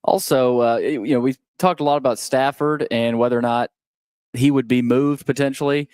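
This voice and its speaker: A man's voice: medium pitch, fairly even intonation, moderate pace, darkish tone, clear, resonant tone, no room sound. A man reading a sports news update on a talk radio show, conversational and with small restarts. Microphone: studio microphone.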